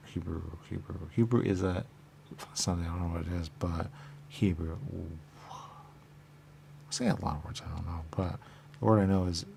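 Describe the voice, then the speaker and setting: Low and gravelly, this man's voice comes with a little hiss or hum on the recording. He rambles repetitively in a stream-of-consciousness monologue, muttering questions to himself and supplying his own answers.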